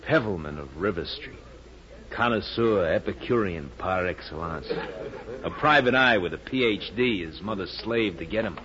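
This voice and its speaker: A man's voice: deep voice, moderate pace, close to an everyday voice. A man playing a vain, theatrical informer in a 1940s radio drama, dramatic and self-mocking. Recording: dull old radio broadcast.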